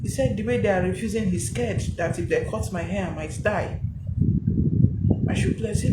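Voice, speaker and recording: A woman giving a personal testimony in a halting, emotional way. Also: medium pitch, echoey room, very noisy.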